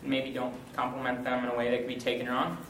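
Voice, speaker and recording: A young man giving an informal, joking teaching talk to a college group, upbeat and animated. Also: medium pitch, fast, distant mic. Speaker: campus ministry speaker. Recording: roomy, from the mic, faint hum.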